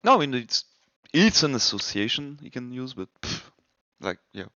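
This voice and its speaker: A man's voice: medium pitch, big pitch swings, moderate pace, bright, forceful tone, no room sound, lo-fi sound. A man hosting a casual gaming podcast, talking in a hesitant way with repeated words. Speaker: podcast host.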